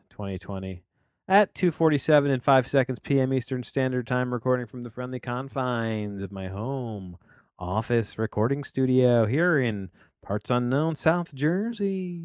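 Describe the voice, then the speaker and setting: A man's voice: mid-range voice, no echo, studio quality. Rambling man hosting a home podcast. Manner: rambling, full of tangents and restarts. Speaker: podcast host, film reviewer. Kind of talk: casual solo podcast review. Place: home office studio.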